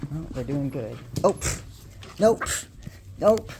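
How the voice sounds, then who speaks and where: A woman's voice: deep voice, measured pace, noisy background. A woman filming her puppies at home and in her yard, chatting to the camera and coaxing them outside, sometimes winded. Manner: coaxing and scolding puppies, often laughing and sighing. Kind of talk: casual vlog narration. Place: home and backyard, indoors and outdoors. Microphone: handheld video camera.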